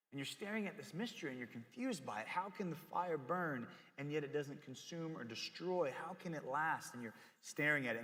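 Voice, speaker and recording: A young man giving a casual, joking sermon to middle schoolers as youth pastor, telling stories with lively asides. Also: a little high. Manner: casual, joking, animated storytelling. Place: church hall. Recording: long hall reverb.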